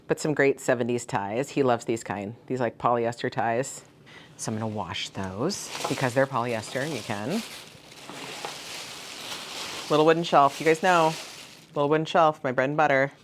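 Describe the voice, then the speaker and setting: A woman's voice: very deep voice, a little hiss or hum. A woman chatting through her thrift haul in a bubbly, gushing way, showing off each find. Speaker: vintage reseller vlogger. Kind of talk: casual thrift haul show-and-tell.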